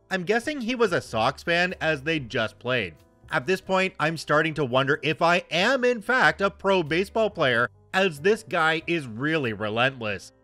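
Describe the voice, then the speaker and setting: Lively wry male story host. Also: on the high side, moderate pace, no room sound, soft background music. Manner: wry, joking asides. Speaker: host reading and commenting on online stories. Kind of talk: casual story narration and commentary.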